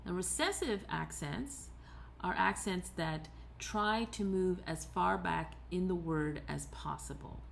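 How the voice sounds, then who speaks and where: In a recorded tutorial, a female teacher explains things patiently, pausing on fillers and correcting herself along the way. She speaks fairly low with a gravelly edge, over a faint hiss of background noise.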